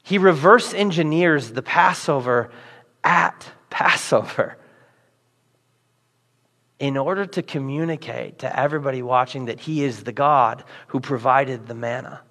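A male pastor preaching a sermon, telling stories with animated, playful voices for the people in them. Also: mid-range voice. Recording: long hall reverb.

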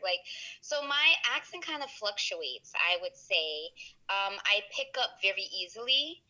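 Very bright New York woman. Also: mid-range voice, low-quality recording. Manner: rambling, many fillers and trailing phrases. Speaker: guest, entrepreneur. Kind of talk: casual interview chat.

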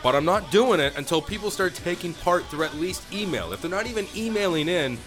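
A man's voice: high voice, lively intonation, a little fast, over music. A man co-hosting a casual wrestling podcast, chatting and plugging the show in a laid-back announcer way. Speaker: podcast co-host.

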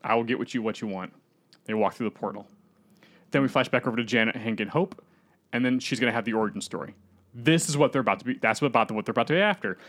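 A man co-hosting a casual podcast, walking through a film's story scene by scene. He keeps breaking into quick put-on voices for the characters. His pitch sits mid-range for a man. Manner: animated retelling, acting out characters' lines in put-on voices. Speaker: podcast co-host. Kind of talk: casual movie-rewrite chat.

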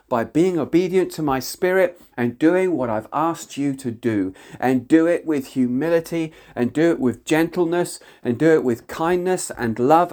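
A man preaching a prophetic word, speaking in the first person as God and building emphasis through repeated phrases. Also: a little high. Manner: emphatic repetition, building in intensity.

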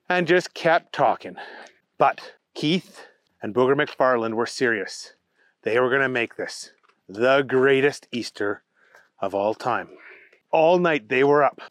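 A man reading a silly story aloud as a playful narrator, slowing down for comic emphasis. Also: a little high, a bit bright, no room sound, clean studio sound.

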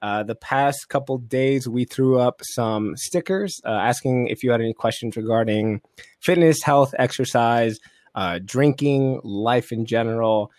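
A relaxed man hosting a podcast with friends, chatting casually and laughing often. His speech is loose and full of "uh" and "like." The sound is dry and close on the mic. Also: mid-range voice, measured pace, dry recording. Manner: laid-back, laughing, lots of fillers. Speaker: podcast host. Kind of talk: casual chat.

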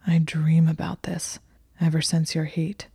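A woman whispering as a husky dominant young man. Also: monotone, measured pace, dark tone, no room sound, studio quality, full character voice. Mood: husky, commanding. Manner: low, husky murmur. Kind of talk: whispered role-play.

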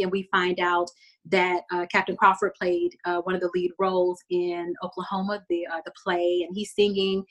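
A woman hosting a casual podcast, recapping a TV episode in a chatty way with frequent laughs and fillers. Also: mid-range voice.

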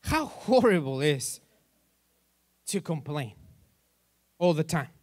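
Joking, slightly high-voiced male pastor. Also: big pitch swings, takes it slowly, a little mellow, no echo. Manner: conversational, joking with the congregation; asks the congregation questions. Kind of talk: sermon. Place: church.

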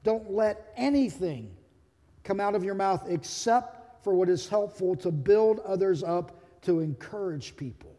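A man's voice: high-pitched, expressive, unhurried, warm tone, in a large hall. A man who is a pastor, delivering a sermon in a conversational, humorous way and acting out quotes.

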